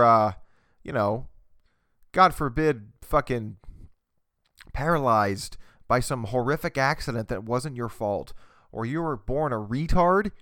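A man's voice: mid-range voice, fairly bright tone, no room sound, studio quality. A man hosting a podcast, ranting crudely and mockingly on a desk microphone. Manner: profane, mocking, with mimicked voices. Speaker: podcast host. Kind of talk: crude comedic rant. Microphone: desk USB microphone.

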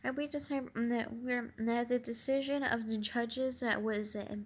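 A woman reading aloud a head judge announcing a contest winner, halting and stumbling over words. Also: a little high, steady tone.

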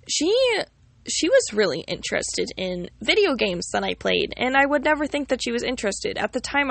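A young woman tells a personal story in a loose, rambling way, leaning on fillers and dropping the odd curse. Her voice sits a little high with a gravelly fry running through it. The sound is close and dry. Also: fairly bright tone, no room sound. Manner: rambling, full of "like" fillers and casual swearing.

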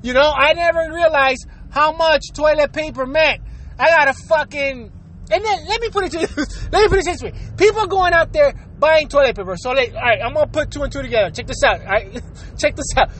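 A woman's voice: sits high, a little fast, a little hiss or hum. A woman delivering a profane, exasperated solo rant, firing off rhetorical questions. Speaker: vlogger.

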